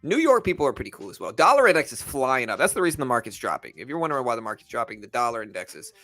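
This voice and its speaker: Chatty man with a gravelly voice. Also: mid-range voice, sing-song, rapid-fire, sharp tone. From Louisiana, USA. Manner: loose, chatty, answers viewer comments. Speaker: livestream trading host. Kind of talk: casual live-stream chat.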